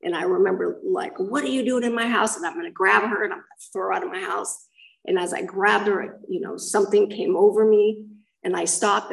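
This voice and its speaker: A woman with a low, gravelly voice tells her recovery story in a candid, rambling way, often restarting her sentences. She sounds a little distant from the microphone. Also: a little mellow. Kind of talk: personal testimony.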